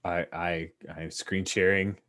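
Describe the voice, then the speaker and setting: A man's voice: low-pitched, slow pace. Laid-back man running a tabletop baseball game. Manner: relaxed, chatty, full of fillers, commentator flourishes. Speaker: game master. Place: online call with screen sharing.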